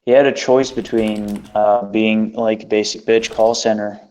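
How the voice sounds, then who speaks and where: A man's voice: on the low side, level tone, unhurried, a little mellow. A man hosting a casual chat, telling an exasperated, profane story. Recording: dull lo-fi recording.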